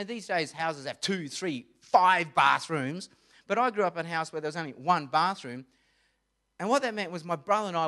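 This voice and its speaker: A young man giving an evangelistic talk, telling stories and acting out voices in an animated way. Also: sits high. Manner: animated storytelling with acted-out voices. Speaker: speaker.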